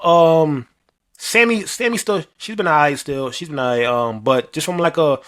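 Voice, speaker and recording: Animated young man with a bright, high voice. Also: normal speed. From New York. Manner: animated, rambling, heavy slang and filler, trash-talking. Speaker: podcast co-host. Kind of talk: casual sports chat.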